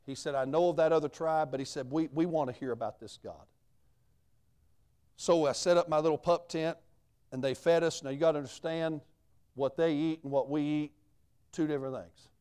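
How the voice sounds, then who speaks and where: A man's voice: fairly high pitch, fairly even intonation, moderate pace, pauses often, a little mellow, clear, resonant tone. A man, a missionary preacher telling his story in a sermon in a folksy, plain-spoken way.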